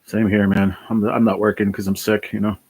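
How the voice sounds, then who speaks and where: A man's voice: lowish voice, little pitch movement, fairly quick, darkish tone, slight background noise. A worn-out man chatting casually on a livestream, reading and answering chat, sighing and swearing now and then. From New Jersey.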